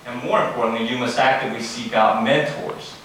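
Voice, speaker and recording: Brisk, with fairly even intonation and a fairly bright mid-range tone, a man in his forties gives an earnest, advising keynote at a formal banquet, making asides and self-corrections. The large hall is very echoey, the mic distant, and there's faint room ambience along with slight background noise.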